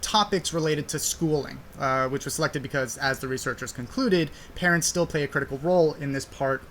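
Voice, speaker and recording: A man's voice: fairly high pitch, brisk, fairly bright tone, slight background noise. A young man hosting a podcast, explaining a study in a casual, conversational way with frequent fillers. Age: young adult. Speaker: podcast host.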